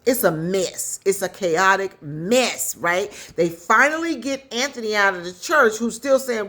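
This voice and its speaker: A woman casually recapping a story in a chatty, animated way, with quick asides. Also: medium pitch. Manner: chatty, animated retelling with acted quotes. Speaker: commentator recapping a skit.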